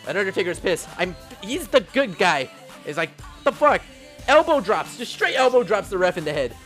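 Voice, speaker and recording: Guy w a high voice telling wrestling stories, laughs a lot, faint music behind. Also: big pitch swings, fairly quick, a bit bright. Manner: rambling, laughs often, acts out quotes. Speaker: podcast host. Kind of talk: casual wrestling chat.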